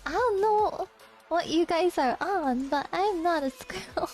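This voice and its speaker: A woman's voice: extremely high pitch, unhurried, soft background music. Giggly woman streamer with a childlike voice. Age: young adult. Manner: giggly, teasing back at chat. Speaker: VTuber streamer. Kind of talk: casual live-stream chat.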